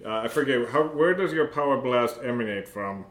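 A man narrating as game master of a tabletop game, halting and full of fillers. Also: mid-range voice, animated, fairly bright tone. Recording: roomy echo, faint noise.

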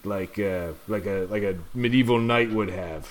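A man narrating a tabletop game as game master, low and slow as he describes the scene. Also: a crowd in the background.

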